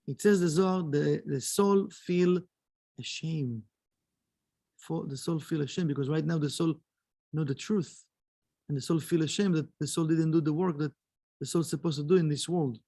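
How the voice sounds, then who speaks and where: A man teaching a spiritual lesson in an earnest, halting way, with many fillers as he tells a story. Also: fairly high pitch, warm tone, dry recording. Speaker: kabbalah teacher. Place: kabbalah center.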